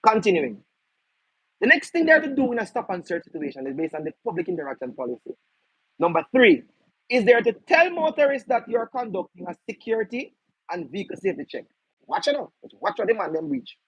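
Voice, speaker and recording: A man's voice: sits high, sing-song, brisk, husky, dry recording, lo-fi sound. A man with a Jamaican accent explaining legal policy to an audience, emphatic and firing rhetorical questions at his listeners. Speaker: legal educator.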